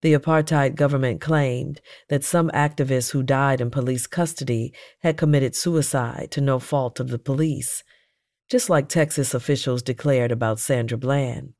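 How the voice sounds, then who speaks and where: A narrator reads a first-person memoir in a measured, earnest voice. The voice sits at an ordinary middle pitch. It is recorded close and dry, with no room sound around it. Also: steady tone, darkish tone, dry recording.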